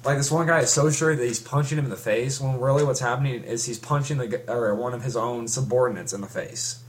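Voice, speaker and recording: A man's voice: mid-range voice, quick pace. Give me a young man casually recapping a story, rambling and restarting often. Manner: rambling, with many restarts and fillers. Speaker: fan recapping a comic. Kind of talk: casual chat.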